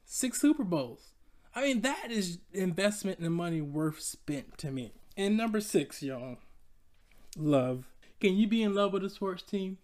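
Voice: mid-range voice, lively intonation, measured pace, darkish tone. A podcast host from Georgia, talking in a chatty, playful way straight to listeners and laughing often. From Georgia, USA. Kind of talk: casual solo podcast monologue.

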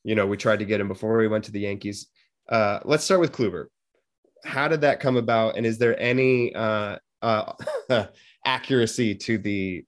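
A man's voice: lowish voice, normal speed. Rambling man hosting an interview. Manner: rambling, full of fillers, jokey. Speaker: podcast host. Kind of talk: casual interview.

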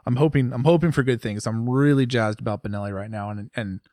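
A man's voice: mid-range voice, fast talker, warm tone, no echo, clean studio sound. A man co-hosting a motorcycle podcast in casual, rambling chat. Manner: rambling, chatty, laughs often. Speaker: podcast co-host.

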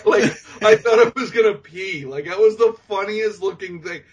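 A man's voice: sits high, moderate pace, breathy edge, muffled recording. A man co-hosting a podcast who animatedly recaps a film, laughing often and acting out the characters. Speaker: podcast co-host. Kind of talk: casual movie recap chat.

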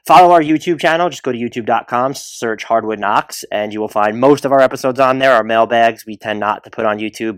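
A man's voice: on the low side, dry recording. A man hosting a solo basketball podcast, chatty and rambling with restarts and asides. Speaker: podcast host.

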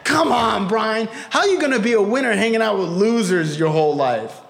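A comedian voicing his exasperated middle-aged father with shouted, incredulous outbursts. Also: high voice, lively intonation, normal speed, vocal fry, voice pushed up, heavily acted.

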